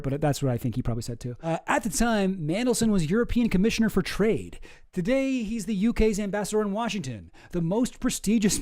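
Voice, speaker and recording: A man's voice: sits high, a little mellow. A man giving casual, rambling, sarcastic commentary while reading news articles aloud, swearing now and then. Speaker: commentary vlogger.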